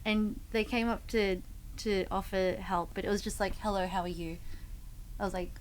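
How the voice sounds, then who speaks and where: A woman's voice: medium pitch, steady tone, moderate pace, slight background noise, rough recording. A woman, a fitness coach, telling rambling stories in a casual podcast chat. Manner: rambling storyteller with many fillers and restarts.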